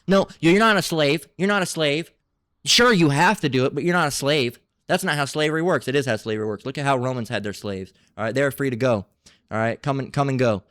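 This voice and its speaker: A man preaching from scripture, reading verses aloud and breaking into halting, combative and mocking commentary with profane asides. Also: medium pitch, fairly bright tone, dry recording, studio quality. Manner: halting, many restarts between readings.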